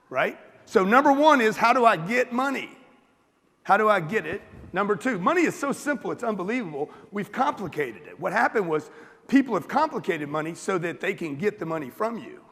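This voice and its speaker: A man with a raised, gravelly voice works a live audience with blunt, profane motivational talk. He fires questions at the crowd, and a long reverb trails every line, the sound of a big event hall. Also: high-pitched, big pitch swings, a little fast, a bit bright. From United States. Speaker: motivational speaker.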